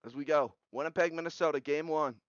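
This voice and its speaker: Young guy calling sim hockey scores, kinda high clean voice, dry slightly muffled mic. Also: fast, no echo. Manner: rattles off scores in short bursts, excited at big goals. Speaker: video game simulation commentator. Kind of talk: play-by-play recap commentary. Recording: slightly dull lo-fi audio.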